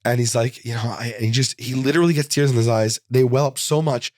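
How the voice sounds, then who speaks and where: A man in his forties, a comedian guest, telling a rambling, animated anecdote in a casual interview, full of "like.". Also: mid-range voice, quick pace, no echo, studio quality.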